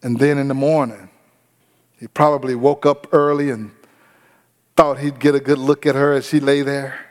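A man's voice: medium pitch, little pitch movement, moderate pace, a little mellow. A male pastor delivering a sermon, retelling a story and questioning the congregation directly. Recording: echoey hall reverb.

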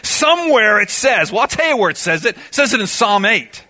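A man's voice: sits high, sing-song, brisk, pushed and bright. A man preaching a sermon in an auditorium, emphatic, firing off rhetorical questions and answering them himself. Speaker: pastor.

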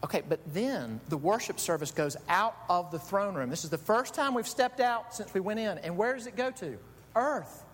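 A middle-aged man preaching a sermon, telling stories with animated delivery that swings from quiet asides to loud shouts. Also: fairly quick, few pauses. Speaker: pastor. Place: church sanctuary. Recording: echoey hall with faint rumble.

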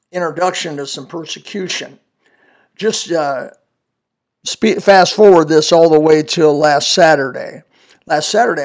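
Gravelly-voiced man in his seventies preaching. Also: fairly high pitch. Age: 70s. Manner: earnest, folksy storytelling with scripture quotes. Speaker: podcast preacher. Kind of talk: personal testimony sermon.

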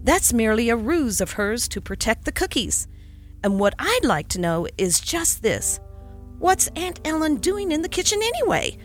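A woman's voice: a little high, sing-song, normal speed, soft background music. A woman voicing a kindly, fussy older male country doctor in a storybook reading, grumbling with good humor. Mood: grumbling, jovial. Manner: grumbling good-humored, old-fashioned phrasing.

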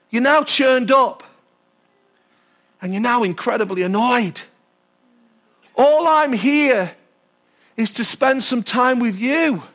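A man preaching, voicing Jesus in a slow, pleading, gentle way. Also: very high voice, heavily acted.

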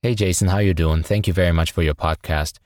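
Deep-voiced man, non-native English speaker. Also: steady tone, fast talker, a little mellow, dry recording. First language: not English. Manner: polite, hesitant with fillers. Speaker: caller. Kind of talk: recorded audio question. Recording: dry clean home recording.

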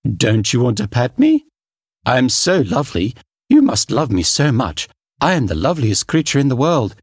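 A man voicing a vain middle-aged female cat in human form, high and insistent, in a storybook reading. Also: big pitch swings, moderate pace, slightly rough, dry recording, clean studio sound. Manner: high, insistent, self-admiring.

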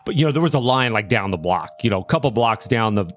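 Man telling stories on a podcast. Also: mid-range voice. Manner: quick, animated anecdote-telling with fillers. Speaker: podcast host. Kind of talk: casual chat, storytelling.

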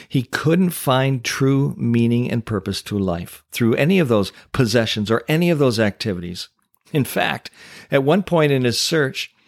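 A man's voice: mid-range voice, dry recording, studio quality. A man hosting a Christian teaching podcast, speaking in an emphatic preacherly way with rhetorical questions. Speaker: podcast host and Christian coach.

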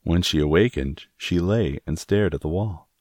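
A man reading a classic novel aloud as an audiobook narrator, in a measured, steady manner. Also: deep voice, no echo, studio quality. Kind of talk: scripted narration.

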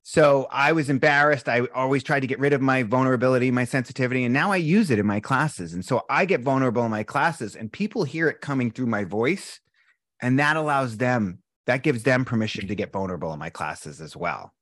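A mid-pitched man talks openly and with feeling as a guest on a chat show. He tells his stories with energy and slips into other people's voices. His voice sits close and dry, with no room sound. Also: fairly quick, dry recording. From Boston, USA. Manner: animated storytelling, candid and emotional, acts out quotes. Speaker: breathwork instructor, podcast guest. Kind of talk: casual interview chat.

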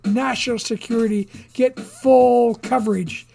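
A reader voicing a boastful male senator who speaks in a sonorous Texas twang and pitches his voice higher for speechmaking. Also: steady tone, unhurried, creaky, warm tone, faint music behind. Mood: grandstanding. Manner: raised pitch, grandstanding speechmaking. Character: boastful male Texan senator, showy and self-satisfied.

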